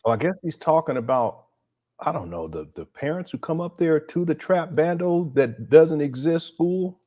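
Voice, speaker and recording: A man's voice: a little high, expressive, normal speed, warm tone. A man hosting a casual live stream, reacting to a clip with incredulous, laughing commentary. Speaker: livestream host.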